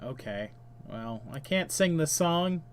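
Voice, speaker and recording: A man with a fairly high voice talks through a computer game in a relaxed, offhand way. He reads the game's text aloud and chats to himself between moves, with plenty of "uh"s and quick self-corrections. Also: clear, resonant tone. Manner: frequent filler "uh" and self-corrections. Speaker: game streamer. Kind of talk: casual let's-play commentary.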